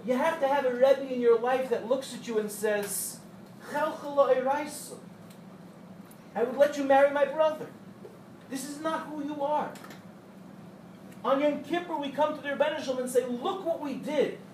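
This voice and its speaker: A man teaching a Torah class to young women, telling parables with animated, acted-out quotes and light joking. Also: very high-pitched, normal speed, long pauses. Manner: animated storyteller who acts out quotes and jokes with the audience. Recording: echoey room, distant mic, faint hum.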